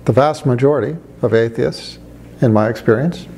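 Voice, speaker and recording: A middle-aged man, a former atheist doctor, making a measured argument with dry humor. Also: medium pitch, warm tone, slight background noise. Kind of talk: reflective monologue.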